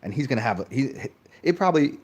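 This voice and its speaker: A man ranting in a casual monologue, swearing freely and mocking others in exaggerated voices. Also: fast talker. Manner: profane, animated, mimics others in high mocking voices. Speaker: channel host.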